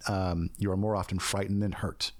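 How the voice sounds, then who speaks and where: A man with a very low voice talks through ideas in an earnest, reflective way, as a guest in a casual podcast chat. The sound is dry and close, with no room around it. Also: little pitch movement, moderate pace, dry recording. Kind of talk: casual conversation.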